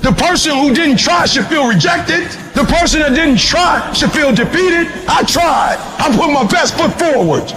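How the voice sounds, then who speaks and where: A man giving a motivational speech, shouting in repeated, preacher-like bursts. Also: very high-pitched, lively intonation, a little slow, few pauses, over music. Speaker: motivational speaker.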